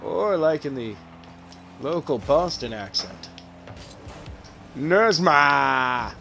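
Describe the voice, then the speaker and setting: A man's voice: mid-range voice, lively intonation, unhurried, slight background noise. A man casually commenting on a video game he is playing, breaking into playful mock-announcer calls and exclamations. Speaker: gamer doing play-by-play.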